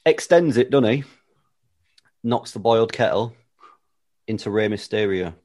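Deadpan man spinning a silly tale. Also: on the low side, a little slow. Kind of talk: casual chat, pitching a joke storyline.

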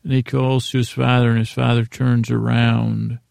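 Gravelly low-key man recapping a show. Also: flat delivery, normal speed, darkish tone, no room sound, studio quality. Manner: rambling, paraphrases scenes loosely with fillers. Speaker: podcast host recapping an episode. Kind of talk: casual episode recap.

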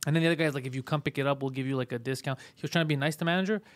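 A man hosting a podcast talks fast in a slightly high voice, profane and animated, acting out every exchange as he tells the story. The sound is close and dry, with no room around him. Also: dry recording. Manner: profane, animated storytelling full of acted quotes. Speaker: podcast host. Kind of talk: casual podcast chat.

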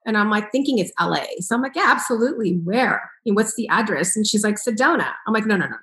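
A woman's voice: mid-range voice, fast talker. A woman in a conversational interview, telling a personal story with lots of laughter and acted-out quoted dialogue. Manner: animated, laughs often, acts out quoted dialogue. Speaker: author and entrepreneur telling her story. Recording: roomy echo.

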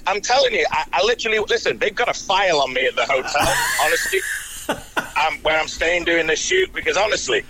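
A Mancunian man ranting in a high, bright voice, swearing constantly and sounding endlessly exasperated. His pitch swings wildly, and a faint noise sits under the recording. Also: rough recording. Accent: Mancunian English. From Manchester, England. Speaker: guest comic ranting. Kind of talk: profane comic rant.

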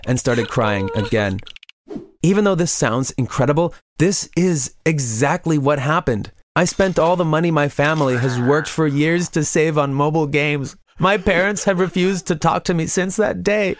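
A man's voice: on the high side, moderate pace, a little hiss or hum. A man telling a first-person confession story in scripted narration, earnest in tone.

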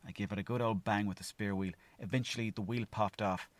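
Man, Irish Mayo accent, young adult, low voice, dry close sound, animated rambling storyteller. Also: fairly quick, dry recording. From Ireland. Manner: animated storytelling, acts out his own thoughts; swears freely. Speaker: podcast host. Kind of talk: rambling solo monologue.

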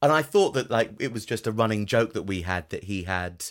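A man's voice: on the low side, animated, fairly quick. A man co-hosting a comedy podcast, rambling and giggly in casual chat. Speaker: podcast co-host.

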